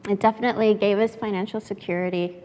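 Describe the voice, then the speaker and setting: A woman from San Antonio, a native Spanish speaker, lively and chatty as she tells stories to a workshop audience. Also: medium pitch, quick pace. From San Antonio, Texas. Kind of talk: storytelling to an audience. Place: workshop room. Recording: echoey hall.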